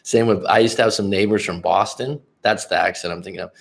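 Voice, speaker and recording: A male life coach with a low, steady voice and vocal fry hosts a casual livestream, talking fast with hardly a pause. He rambles between thoughts, swears freely, and often speaks directly to viewers in the chat.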